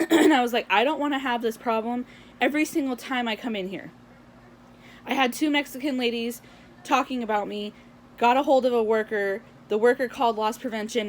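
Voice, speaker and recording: A young woman vlogger ranting to camera, telling a story in an animated way and acting out the dialogue. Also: fairly high pitch, a little hiss or hum. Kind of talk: casual venting rant to camera.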